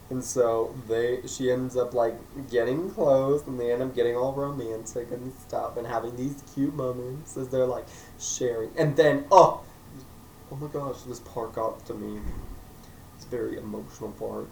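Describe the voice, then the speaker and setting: A man's voice: mid-range voice, normal speed. Joking man reviewing a movie, echoey room. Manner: joking, acts out characters in silly voices. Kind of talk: casual vlog review. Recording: echoey room, mic at a distance, faint noise.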